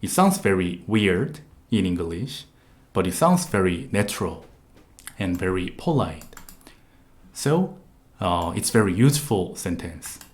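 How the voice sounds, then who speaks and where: A man with a Korean accent and a low voice teaches a language class online. He explains slowly and patiently, repeating each point and filling pauses with "uh". Keyboard typing clicks in the background. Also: sing-song. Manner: patient, repetitive explanations with frequent "uh" fillers. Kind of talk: live online language lesson.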